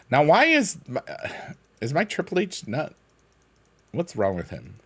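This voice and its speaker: A young man rambles through a casual live stream as he plays, playful and loose. His pitch swings widely, jumping into silly high sing-song noises and dropping back to easy chat. He sounds close to a desk mic, with keyboard clicks and tapping nearby. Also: very animated, normal speed, fairly bright tone.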